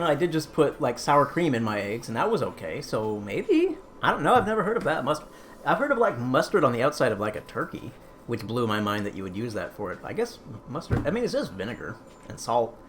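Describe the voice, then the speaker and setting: A man's voice: fairly high pitch, very animated, a little fast, fairly bright tone, faint music behind. A man hosting a casual cooking live stream, chatty and rambling as he answers chat.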